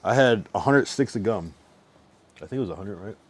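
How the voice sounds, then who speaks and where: A man's voice: on the low side, animated, fairly quick, breathy edge. A young man on a livestream, chatting loosely with lots of slang and swearing, drunk, stuffed and a little out of breath. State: drunk and overfull, a bit out of breath. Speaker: streamer. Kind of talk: casual livestream chat.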